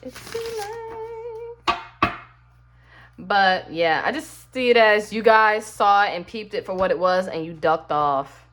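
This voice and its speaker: A woman's voice: medium pitch, moderate pace, few pauses, fairly bright tone, soft background music. A woman giving a casual tarot reading and talking straight to the viewer in a chatty, sassy way. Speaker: tarot card reader.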